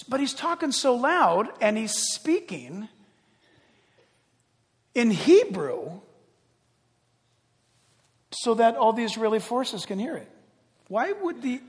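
Pastor, male, high-pitched, animated conversational sermon delivery, echoing hall. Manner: animated, conversational preaching with restarts and acted-out quotes.

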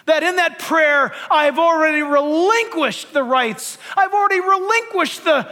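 A man preaching a sermon to his church, swinging between shouted lines and hushed, intense passages. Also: very high-pitched, a little slow, few pauses, big-room sound. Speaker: pastor.

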